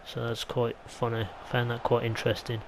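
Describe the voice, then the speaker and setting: Flat-voiced English man commentating a game. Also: medium pitch, brisk, background noise. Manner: chatty, rambling, mild asides. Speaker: gaming YouTuber. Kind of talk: casual gameplay commentary.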